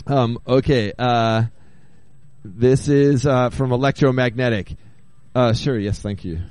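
A man's voice: mid-range voice, steady tone, slow, a little mellow, clear, resonant tone, no echo. A man hosting a radio talk show, reading listener texts and jokes aloud with lots of "uh-huh" and "um.". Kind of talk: casual radio chat.

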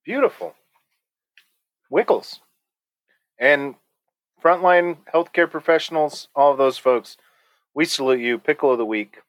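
A man hosting a podcast in casual chat, animated and rambling, often laughing. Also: a little high, a little slow, pauses often, dry recording. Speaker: podcast host.

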